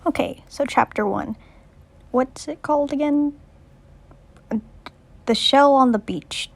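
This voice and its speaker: A woman's voice: high-pitched, slow, creaky. A teenage girl casually summarizing a book, rambling and jokey, with many "like"s. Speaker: student doing a book summary. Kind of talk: casual chat.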